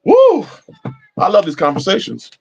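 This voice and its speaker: A man's voice: sits high, very animated, normal speed, a bit bright, dull audio, faint music behind. A man hosting a live-chat stream, talking casually and preachily, swearing freely as he answers viewers. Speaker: livestream host.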